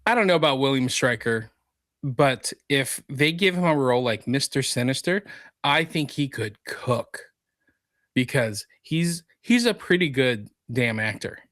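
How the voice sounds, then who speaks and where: A man's voice: mid-range voice, animated, a little slow, fairly bright tone, no echo. A man co-hosting a geek culture podcast, chatting casually and reading news items aloud. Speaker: podcast co-host. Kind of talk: casual chat.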